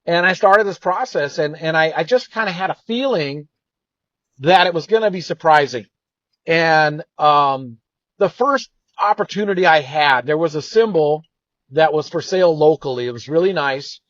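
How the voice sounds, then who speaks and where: The man's voice is a little high and fairly bright, moving at a moderate pace. As a co-host, he earnestly tells a wandering, reflective personal story in a casual way, captured in a dull, dry lo-fi recording.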